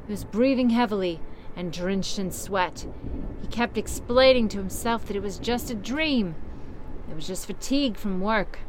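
A woman's voice: medium pitch, moderate pace, slight background noise. A young woman reading a story aloud and mocking it with sarcastic, swearing asides. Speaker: story reader.

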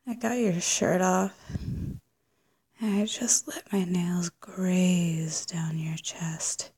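A woman voicing a wistful, teasing ex-lover in a whispered role-play, speaking in a hushed, breathy voice with hesitant restarts. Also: on the low side, steady tone, very slow, heavily acted. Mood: sultry, teasing.

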